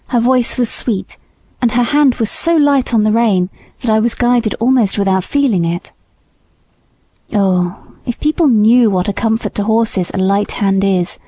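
Brief: woman audiobook narrator, warm mellow tone, dry close sound, steady gentle delivery. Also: mid-range voice, no room sound. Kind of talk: scripted narration.

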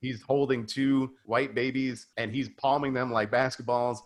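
A man's voice: medium pitch, steady tone, moderate pace. A man hosting a casual movie podcast, chatty and joking, often repeating words and laughing between thoughts. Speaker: podcast host.

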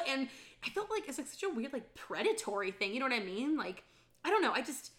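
A young woman with a bright, slightly high voice tells a story in a relaxed podcast chat. Her pitch swings widely as she acts out what people said, and she laughs often. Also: fast talker. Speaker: podcast co-host. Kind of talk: casual chat.

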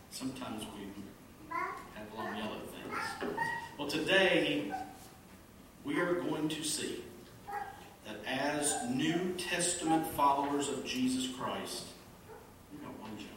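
A man's voice: mid-range voice, measured pace, pauses often. A man preaching a sermon as a pastor, telling jokes and laughing as he goes. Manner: animated, laughs at own jokes. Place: church sanctuary. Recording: echoey room from a distance, background noise.

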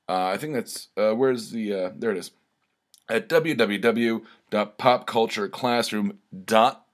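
A man runs through a promotional plug in a loose, jokey tone. He speaks slowly and drags his phrases out. His pitch sits in an ordinary middle range. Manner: slow, joking, offhand. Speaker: event announcer. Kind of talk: promotional announcement.

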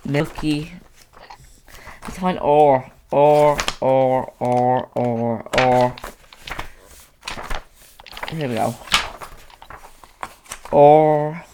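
A teen hosting a casual podcast at a middle pitch. The talk rambles and restarts a lot. The voice is close on a boom mic. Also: fairly even intonation, extremely slow, long pauses, noisy background. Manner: rambling, chatty, many restarts. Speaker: podcast host. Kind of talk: casual chat. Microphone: boom mic on a stand.

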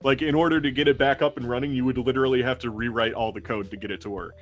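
Halting male game master. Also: medium pitch, fairly even intonation, highs cut off, soft background music. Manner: halting, full of fillers and restarts. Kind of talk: narrating a tabletop role-playing game.

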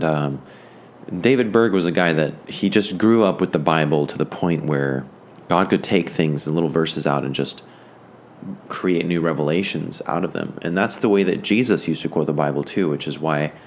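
Deep-voiced, rambling male Bible teacher. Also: a little hiss or hum. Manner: rambling and halting, with many fillers and restarts; fervent, enthusiastic. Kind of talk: informal religious lesson.

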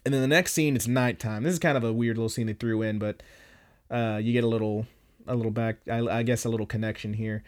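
A man's voice: medium pitch, steady tone, quick pace. A man on a podcast casually retelling an anime episode, loose and profane, with lots of fillers. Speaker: podcast host.

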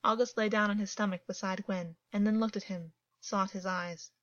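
A woman reading fiction aloud as a narrator, calm and even in her storytelling. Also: medium pitch, moderate pace, dry recording. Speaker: audiobook narrator. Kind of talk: scripted narration. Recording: dull, dry, lo-fi.

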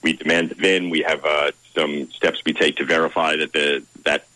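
A man interviewed as a car website's content director, answering in a measured, formal way with many pauses. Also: a bass voice, flat delivery, bright, forceful tone, no echo, rough recording.

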